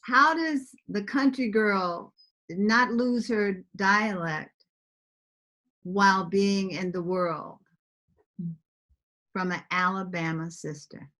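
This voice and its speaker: A woman's voice: medium pitch, slow, long pauses, fairly bright tone. A woman moderating a virtual book launch, reading audience questions aloud to the poet. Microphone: computer mic on a video call.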